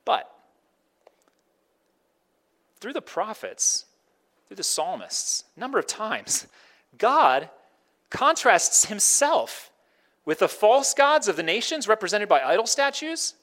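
A man's voice: sits high, very animated, measured pace, fairly bright tone. A man preaching a sermon in a conversational way, often slipping into quoted voices to make his point. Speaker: pastor.

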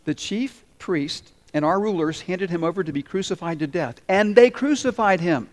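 A man with a high-pitched voice delivers a sermon in a church sanctuary. He stretches out key words with slow, dramatic pauses and briefly takes on the voices of the people he quotes. His voice rings with a long hall reverb. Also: animated. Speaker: pastor.

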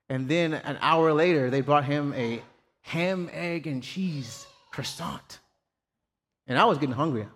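A man's voice: fairly high pitch, takes it slowly, pauses often, a little hiss or hum. A man preaching a sermon, telling a personal story in a casual, self-deprecating way. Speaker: pastor. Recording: long hall reverb.

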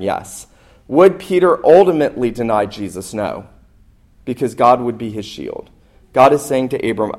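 A man's voice: medium pitch, a little mellow. A man preaching a sermon as pastor, earnest and emphatic, asking and answering rhetorical questions.

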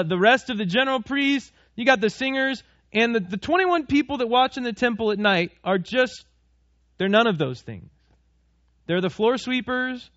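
A man with a high voice preaches a sermon in a loose, chatty way, putting questions to his listeners and cracking jokes. The sound is dry and a little dull and muffled. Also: a bit bright, no room sound. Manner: conversational, asks the congregation questions and jokes. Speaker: pastor.

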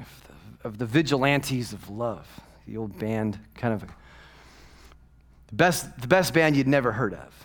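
A male pastor preaching a sermon, swinging from loud, emphatic peaks to hushed whispers. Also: a little high.

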